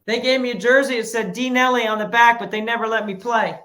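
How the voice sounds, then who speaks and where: A woman's voice: on the high side, steady tone, fast talker, fairly bright tone. A woman co-hosting a podcast, teasing and chatty. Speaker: co-host. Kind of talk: casual chat. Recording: roomy and off-mic.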